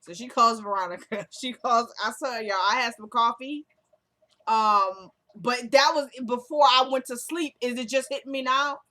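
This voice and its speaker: A woman's voice: a little high, moderate pace, pushed and bright. A chatty woman recapping a TV episode in casual talk, acting out the characters' lines as she goes. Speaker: recap vlogger.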